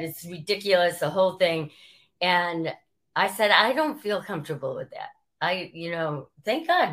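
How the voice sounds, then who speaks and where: A woman, a former sports reporter telling stories as an interview guest and acting out quotes as she goes. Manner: animated, acts out quotes with rising pitch. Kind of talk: storytelling interview.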